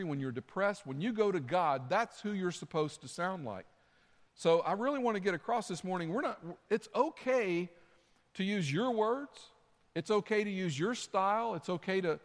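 A man's voice: high voice, in a large hall. A man preaching a sermon as pastor, earnest and conversational, repeating his phrases. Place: church sanctuary.

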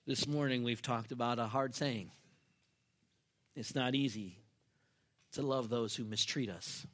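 Male pastor, sermon storyteller; mid-pitched, dynamic delivery from shouts to whispers. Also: measured pace. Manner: storytelling, swinging from loud to near-whispered. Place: church.

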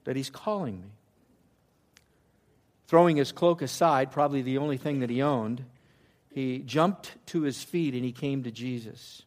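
A man's voice: mid-range voice, unhurried. Man preaching a dynamic sermon. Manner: swings from loud emphatic preaching to hushed near-whispers. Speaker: pastor.

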